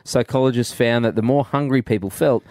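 A man's voice: mid-range voice, a little fast, mellow, no echo, studio quality. A man co-hosting a radio show, joking around and reading out news items in casual banter. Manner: joking, chatty, reads news items aloud. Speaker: radio co-host.

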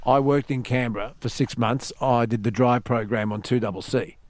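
A man's voice: mid-range voice, steady tone, normal speed, a little mellow. An Australian man hosting a radio show, telling stories in casual banter and hammering his points with repeats. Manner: storytelling, emphatic repeats. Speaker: radio host.

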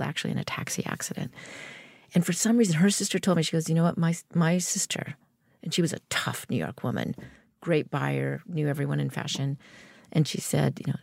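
A middle-aged woman with a low, gravelly voice tells a long story in an interview. She acts out the people in it as she goes. The recording is dry and close. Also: a little mellow, no echo. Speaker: guest.

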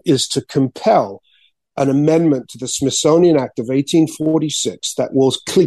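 A man, an artist and author, telling his story as an interview guest, excitedly repeating words and acting out quotes. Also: mid-range voice, dry recording.

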